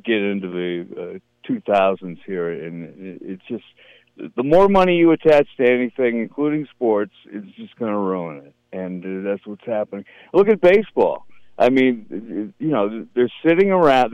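A man's voice: lowish voice, expressive, moderate pace, no room sound. Opinionated man on dull radio audio. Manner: opinionated, repeats words. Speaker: radio host. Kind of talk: casual sports radio chat.

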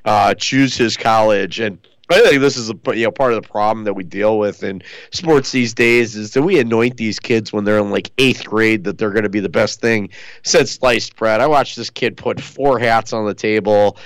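Rambling low-voiced male radio co-host. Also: moderate pace, dry recording, low-quality recording. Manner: rambling, many fillers. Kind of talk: casual sports radio chat.

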